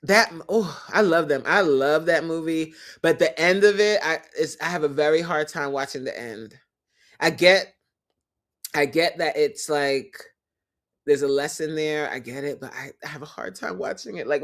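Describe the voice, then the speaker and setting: Lady chatting on a livestream, super animated, laughs a lot, teases the chat. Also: deep voice, moderate pace. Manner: animated, laughs often, teasing asides to viewers. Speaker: host. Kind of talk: casual livestream chat about movies.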